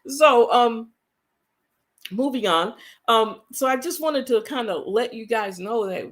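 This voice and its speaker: Earnest woman talking casually to viewers. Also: on the high side. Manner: earnest, conversational, repeats points for emphasis. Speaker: vlogger. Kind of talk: casual talk to camera.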